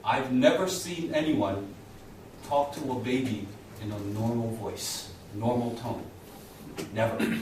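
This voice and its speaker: A man's voice: medium pitch, slow, far from the mic, a little hiss or hum. Man lecturing a class in an echoey room. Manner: lively, asks the class questions often. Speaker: communication skills instructor.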